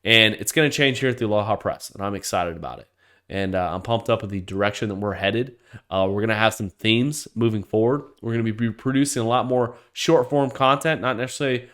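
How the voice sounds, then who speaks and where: A male podcast host delivering a solo rant. He talks in a heated, profane way, swearing freely and repeating words as he gets worked up. His voice sits at an ordinary, middle pitch for a man. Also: a little fast, fairly bright tone.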